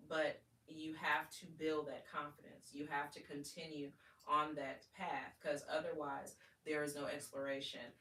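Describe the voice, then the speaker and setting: A woman's voice: low-pitched, fairly bright tone. A woman hosting a live-stream talk show, giving emphatic advice and often checking in with her audience. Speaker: host and sex educator. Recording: echoey room, mic at a distance.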